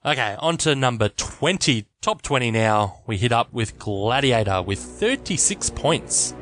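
A man's voice: medium pitch, expressive, unhurried, a bit bright, faint music behind. A man co-hosting a podcast, chatting casually and enthusiastically. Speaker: podcast co-host. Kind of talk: casual chat.

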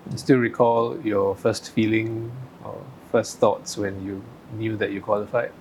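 A man's voice: on the low side, flat delivery, unhurried, a little mellow, a little hiss or hum, poor audio. A man interviewing an athlete, asking brief, prompting questions.

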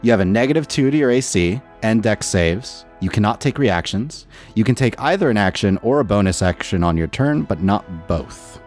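A man narrating as game master of a tabletop role-playing game, with an animated delivery. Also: fairly low pitch, normal speed, soft background music.

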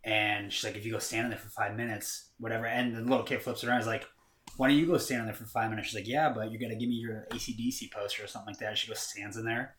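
A man's voice: fairly low pitch, little pitch movement, very fast, hardly any pauses, bright, forceful tone, reverberant. A man casually chatting about movies, retelling scenes in a rambling way with lots of fillers and swearing.

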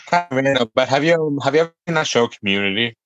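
A man's voice: mid-range voice, lively intonation, fairly bright tone, dry recording, dull audio. A man co-hosting a podcast, chatting casually and stammering a little at the start of his sentences. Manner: halting, stammers when starting. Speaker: podcast co-host.

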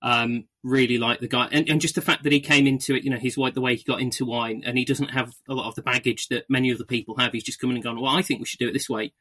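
A man's voice: mid-range voice, little pitch movement, fast, hardly any pauses, sharp tone. A man hosting a podcast in casual chat. He talks with eager enthusiasm and often stammers and restarts his words. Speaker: podcast host.

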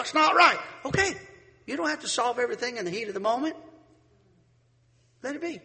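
A preacher giving a sermon, folksy and animated, telling a story and acting out the people in it. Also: male voice, high voice, fairly quick, big-room sound. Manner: folksy, animated storyteller who acts out voices.

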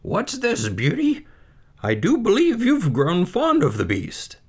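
A man's voice: high voice, huge pitch swings, slow, breathy edge, voice pushed up, full character voice. A man voicing a frail but doting elderly father in a storybook read-aloud, in a strained, raised voice. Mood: fond.

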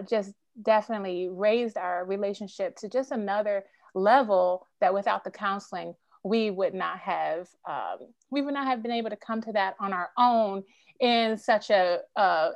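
A woman's voice: mid-range voice, unhurried, no room sound, lo-fi sound. A middle-aged woman speaking earnestly and emotionally as a podcast guest. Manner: earnest, emotional, faith-driven storytelling. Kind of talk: candid interview conversation.

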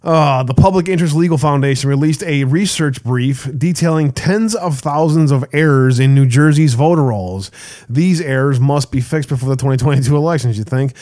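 A man hosting a casual online show, reading headlines and reacting with scoffing sarcasm. His voice sits at an ordinary middle pitch. He talks loosely, with plenty of laughs and blunt language. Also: moderate pace, a little mellow. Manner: sarcastic, laughs often, swears. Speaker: show host. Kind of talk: casual commentary reading news.

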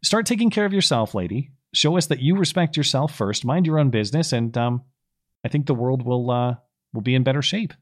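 A man's voice: mid-range voice, a little fast. A man co-hosting a podcast, giving sarcastic, argumentative political commentary. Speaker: podcast co-host.

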